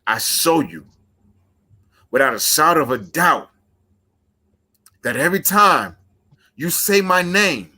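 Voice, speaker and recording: A man's voice: fairly high pitch, lively intonation, slow pace, pauses often, sharp tone. Intense male wrestler cutting a promo. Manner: intense, emphatic, trash-talking.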